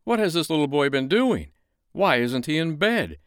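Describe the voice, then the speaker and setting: Gruff old storybook king, brisk with hesitant hums, as a man puts him on, dry sound. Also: fairly high pitch, very animated, no room sound, pitched above the performer's own voice. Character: stern old Winter King, male, gruff.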